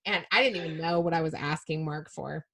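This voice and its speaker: A middle-aged woman from Utah, a preacher and podcast guest, telling candid, self-mocking stories in an animated way with frequent laughter. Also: sits low, brisk, gravelly. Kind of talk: candid storytelling chat.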